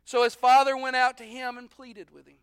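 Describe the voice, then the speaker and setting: A man's voice: extremely high pitch, flat delivery, a little fast, smooth, no room sound, clean studio sound. A male pastor preaching a sermon in a conversational way, acting out the voices of people in the story.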